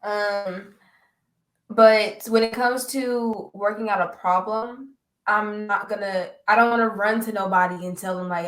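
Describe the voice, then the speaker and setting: A woman's voice: mid-range voice, steady tone, unhurried, a bit bright. A woman co-hosting a podcast in casual chat, easygoing and reflective. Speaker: podcast co-host. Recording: roomy echo.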